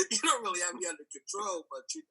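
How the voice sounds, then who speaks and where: Male radio guest, husky and sharp-toned, halting delivery. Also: high-pitched, big pitch swings. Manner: halting, repeats words. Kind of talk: casual radio banter.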